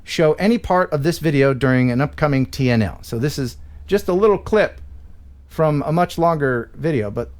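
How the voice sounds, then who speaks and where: An American man hosting a live stream, chatting casually and reading viewer mail, with animated reactions. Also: fairly high pitch, moderate pace. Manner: animated, laughs and cries out while reacting to clips.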